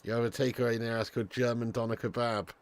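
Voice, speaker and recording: A chatty man streams live football watch-along commentary, reading the chat, swearing casually, and calling viewers "lad." He speaks fast at a medium pitch with little pitch movement.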